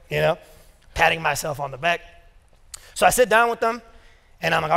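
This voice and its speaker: High-voiced pastor in an echoing church. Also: male voice, expressive, brisk, creaky, pauses often, bright, forceful tone. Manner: storytelling with casual asides and quoted dialogue. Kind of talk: sermon. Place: church sanctuary. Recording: long reverb of a church hall.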